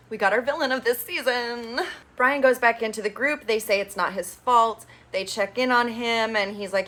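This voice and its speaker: A woman hosts a casual recap of a reality dating show, with a bright, forceful voice. She talks in a chatty, opinionated way and swears casually as she goes. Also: a little high, expressive, normal speed.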